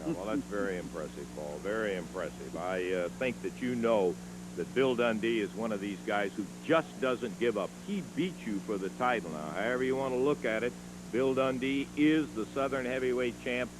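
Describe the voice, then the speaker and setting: Sex: man. Role: TV wrestling announcer. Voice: fairly low, calm, dry. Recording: clear tape hiss. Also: moderate pace. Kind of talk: studio interview.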